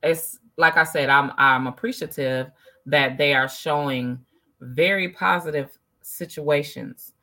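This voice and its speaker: A woman's voice: low voice, unhurried, bright, forceful tone. A woman in casual conversation, telling stories animatedly and acting out quoted exchanges.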